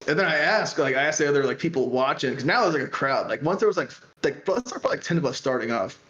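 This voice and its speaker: A man in a relaxed podcast chat tells a long story with animated energy, breaking into laughs and acting out crowd voices. His voice sits a little high and rings in a roomy echo. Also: quick pace, muffled recording. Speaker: podcast guest.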